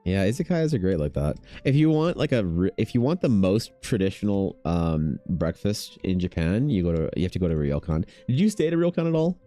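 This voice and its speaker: A man's voice: sits low, sing-song, a little fast, hardly any pauses, mellow, soft background music. A man chatting casually on a stream in a laid-back, slangy, rambling way. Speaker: streaming artist. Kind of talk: casual chat on a livestream.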